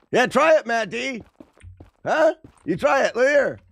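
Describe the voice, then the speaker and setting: A man with a gravelly, fry-edged voice gives live gameplay commentary to his chat. His pitch sits fairly high and swoops around a lot, and he talks in an unhurried way, full of playful trash talk. The sound is dry and close. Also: very animated, a bit bright, dry recording. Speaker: streamer.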